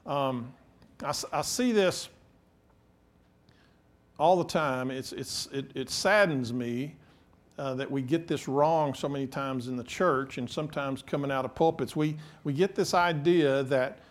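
A man preaching a sermon, lively and animated, acting out scripture quotes in different voices and laughing between points. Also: medium pitch, unhurried. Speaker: pastor.

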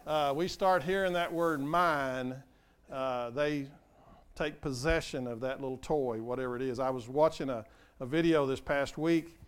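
A man's voice: mid-range voice, measured pace, clear, resonant tone. An older man preaching a sermon as pastor, earnest and conversational, often asking the congregation questions.

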